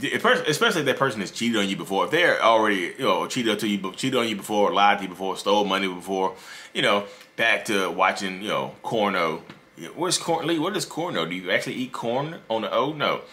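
Animated, bright-voiced man giving relationship advice. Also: deep voice, slight background noise. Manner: animated, joking, talks to viewers directly. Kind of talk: casual advice monologue.

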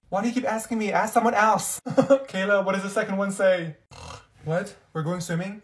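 A young man acting out school comedy skits, switching between blunt, sassy characters. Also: high voice. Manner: sassy, blunt, quick-shifting voices.

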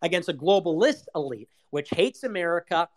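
A man's voice: on the high side, very animated, fairly quick. A young man hosting an audio chat room, giving a rambling casual political monologue full of rhetorical questions and swearing.

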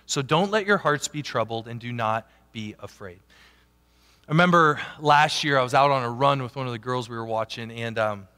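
A man preaching a sermon as a pastor, animated, swinging from loud emphatic peaks down to quiet asides. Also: medium pitch, moderate pace, clean tone. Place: church sanctuary. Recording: long church hall reverb.

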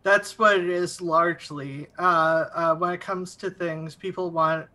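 A man's voice: on the high side, fairly even intonation, measured pace, bright, forceful tone, low-quality recording. A man guest in casual chat, talking in a thoughtful, hesitant way.

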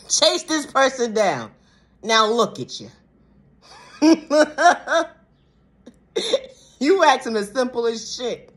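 A woman vlogger ranting to the camera in a casual monologue, laughing often between phrases and swearing heavily. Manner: calm lower-voiced affirmations in the closing sign-off.

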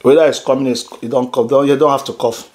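A man's voice: mid-range voice, steady tone, quick pace, darkish tone. A man hosting a casual family eating video at home, teasing his daughter and laughing often while he eats. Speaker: father and channel host. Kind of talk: casual family mukbang chat.

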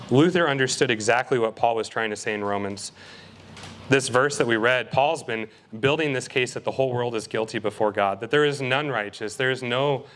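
Young male preacher with an earnest, emphatic sermon delivery, average pitch, slows for scripture readings. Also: a bit bright. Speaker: guest preacher. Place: college ministry service.

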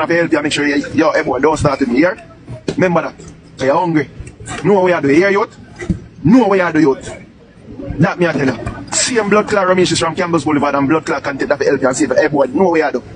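A Jamaican man rants on a live stream, firing off repeated taunts and demands at a rapid clip. His voice sits a little high for a man. Loud traffic noise and passing vehicles run underneath him.

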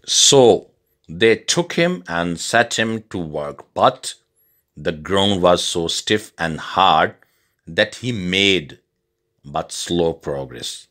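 A man reading a storybook tale aloud as scripted narration for English learners, slow and deliberate. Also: sits low, expressive, fairly bright tone.

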